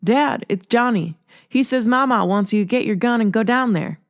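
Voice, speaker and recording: A woman reading a story aloud and voicing a soft-spoken twelve-year-old girl with a Southern US accent. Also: a little high, normal speed, no room sound, clean studio sound, voice pushed up, close to an everyday voice. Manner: soft, plain relaying.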